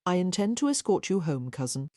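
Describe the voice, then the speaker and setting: A woman voicing a confident, presumptuous Russian nobleman with a soft Russian accent and a mild, assured manner, in an audiobook. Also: lowish voice, big pitch swings, a little fast, no room sound, studio quality. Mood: smooth, teasing. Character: Russian prince, smooth, confident, presumptuous man.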